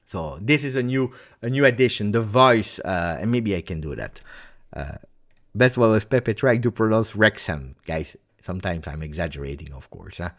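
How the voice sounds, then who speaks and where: A man with an Italian accent hosting a live football reaction stream, talking casually and joking, with many "uh"s. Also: lowish voice. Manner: animated, joking, halting with "uh"s.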